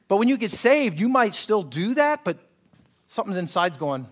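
A man's voice: sits high, big pitch swings, moderate pace. A man pastor preaching a sermon in a conversational way, acting out quoted voices and asking his listeners if they follow. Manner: conversational preaching, acts out quoted voices, asks the congregation for agreement.

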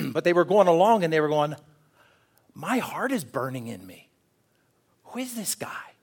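A man's voice: a little high, very animated, moderate pace, gravelly, husky. A man preaching a sermon in an earnest way, often asking the congregation questions. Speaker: pastor.

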